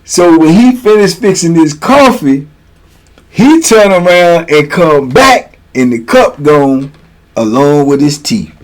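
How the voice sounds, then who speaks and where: A man tells a prison story in a laid-back, slangy way, breaking into laughter as he goes. His voice runs on the high side and is very animated but slow, and the recording quality is low. He is the storyteller and host.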